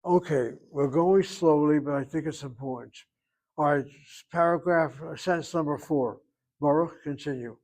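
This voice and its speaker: A man with a somewhat high-pitched voice leads a Hebrew grammar lesson in a classroom. He explains slowly and deliberately, lingering over pronunciations with a dry, self-assured tone. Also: a little mellow. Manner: slow, explaining, drawn-out pronunciations. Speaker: Hebrew teacher.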